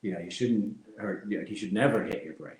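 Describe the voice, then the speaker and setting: A man's voice: fairly low pitch, fast. Middle-aged man telling stories, roomy sound. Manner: reflective, animated anecdotes punctuated by laughs. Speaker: guest, former fighter. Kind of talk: candid interview storytelling.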